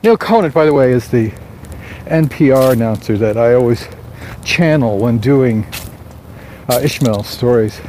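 A man's voice: medium pitch, unhurried, a little mellow, slight background noise. A man vlogging casually outdoors as an author, musing aloud in a rambling way with lots of fillers and restarts. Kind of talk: casual morning vlog.

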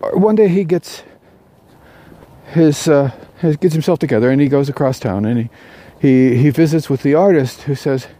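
A man telling a parable aloud, unscripted, with halting restarts and fillers. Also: a little high, dark tone, no room sound. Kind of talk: oral storytelling of a parable.

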